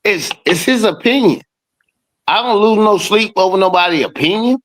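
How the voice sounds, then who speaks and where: This man chats on a podcast call in a loose, swearing style, sometimes through a mouthful of food. His voice sits slightly higher than most men's and he gets animated as he argues. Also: moderate pace, low-quality recording. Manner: profane, animated, talks while eating. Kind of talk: casual chat. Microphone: streaming call.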